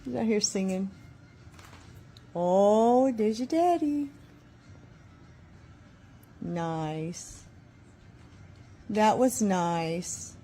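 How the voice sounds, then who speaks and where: A woman's voice: medium pitch, lively intonation, drawn-out words, long pauses, mellow. A woman talking to her pet birds at home, playfully scolding and teasing them. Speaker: pet owner.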